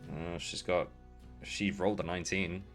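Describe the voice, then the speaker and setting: A man's voice: low voice, flat delivery, moderate pace, fairly bright tone, faint music behind. A man narrating a tabletop game as game master, in a casual way with hesitant fillers.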